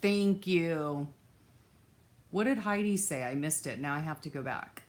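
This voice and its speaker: Deep, darkish, and animated, this craft livestream host speaks a little slowly while calling out viewers by name and replying to their comments. Her loose, easily distracted chatter is peppered with fillers and restarts, and she sometimes moves away from the microphone.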